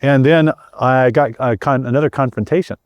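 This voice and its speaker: A man's voice: mid-range voice, moderate pace, clear, resonant tone, no room sound, muffled recording. A middle-aged man earnestly telling a personal story as an interview guest, often repeating words and restarting his sentences. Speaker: guest sharing a personal testimony.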